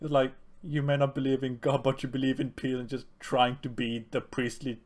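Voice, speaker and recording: Brief: male podcast co-host, mid-pitched, lively, laughs a lot, acts out quotes. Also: a little fast. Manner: animated, laughs often, acts out film lines. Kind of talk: casual film discussion chat.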